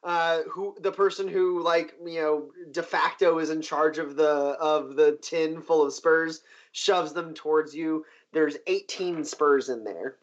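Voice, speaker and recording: Animated game master, muffled lo-fi sound. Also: male voice, measured pace. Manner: animated, jumps into high cheering crowd voices. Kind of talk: narrating a tabletop game.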